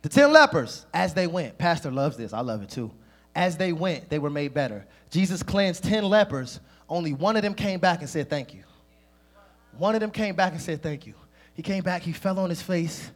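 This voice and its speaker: Husky, high-voiced male preacher. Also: brisk. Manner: lively, addresses the congregation directly. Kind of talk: sermon.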